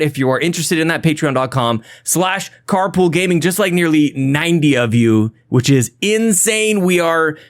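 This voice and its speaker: Energetic rambling podcast host man. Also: sits high. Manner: energetic, rambling, self-laughing. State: a little out of breath. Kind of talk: casual podcast intro and shout-outs.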